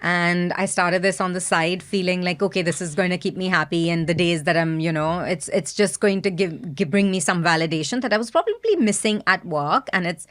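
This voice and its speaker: A young woman answers interview questions candidly. Her voice sits slightly low, and she talks in loose, halting bursts full of fillers and self-corrections. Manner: frank, hesitant, with many restarts and fillers. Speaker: podcast guest, brand founder.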